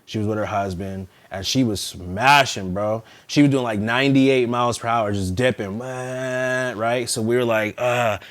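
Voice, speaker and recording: A man's voice: mid-range voice, fairly even intonation, a little slow, hardly any pauses. A young man who works as a police officer, chatting casually and telling profane stories full of acted-out quotes. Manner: profane, storytelling, acts out quoted voices. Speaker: police officer and podcast co-host. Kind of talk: casual chat.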